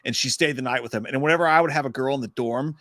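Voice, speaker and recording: A man's voice: medium pitch, rapid-fire, no room sound, clean studio sound. A man from Kentucky co-hosting a casual movie podcast, telling rambling, crude stories. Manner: rambling, crude, animated storytelling. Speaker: podcast co-host. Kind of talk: casual chat.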